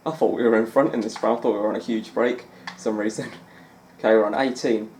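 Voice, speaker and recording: Male gaming host, low voice, casual rambling commentary. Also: steady tone, quick pace, darkish tone, echoey room, a little hiss or hum. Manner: rambling, chatty, self-amused, lots of fillers.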